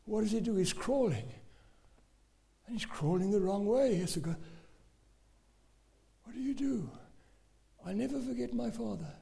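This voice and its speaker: A man preaching a sermon, telling a story dramatically, swinging from shouts to a hushed whisper. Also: high-pitched, lively intonation, brisk, creaky.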